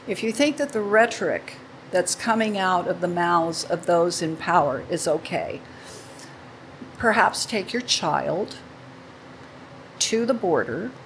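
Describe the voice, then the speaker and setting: A woman in her sixties speaking in an interview, heartfelt and halting, close to tears at times. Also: on the low side, slight background noise, poor audio. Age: 60s. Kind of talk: emotional testimony.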